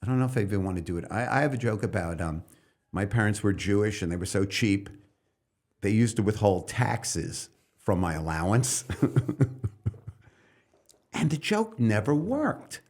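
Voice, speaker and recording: A middle-aged New York City man, a stand-up comedian and coach, chats loosely as a podcast guest and bursts into loud comic bits mid-thought. His lowish voice is expressive, moving at a moderate pace with frequent pauses.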